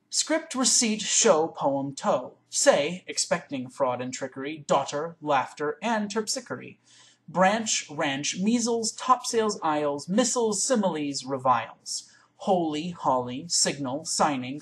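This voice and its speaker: A woman reading a poem aloud in one take into a webcam, with careful, deliberate, word-by-word recitation. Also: low-pitched. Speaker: reader.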